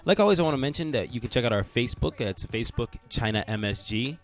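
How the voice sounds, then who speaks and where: A man's voice: mid-range voice, expressive, fast, faint music behind. Upbeat, jokey male podcast host. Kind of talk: casual podcast chat.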